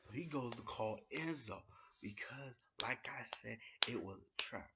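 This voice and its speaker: A man giving a casual spoken review of a wrestling show, retelling it in an excitable, slangy way with plenty of fillers. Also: medium pitch, a little slow, breathy edge, muffled recording.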